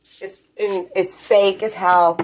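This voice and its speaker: A woman's voice: mid-range voice, flat delivery, extremely slow. A woman ranting bluntly and profanely in a rambling, off-the-cuff vlog. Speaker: vlogger. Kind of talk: profane rambling rant to camera. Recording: noisy recording with clicks.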